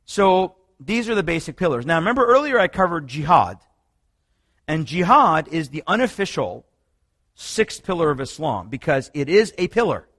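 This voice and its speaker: A man preaching in a sermon-style teaching talk, telling stories with lively energy and frequent restarts. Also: moderate pace, no echo, studio quality. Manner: animated storytelling, many restarts, rising pitch when excited. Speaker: preacher teaching on another religion.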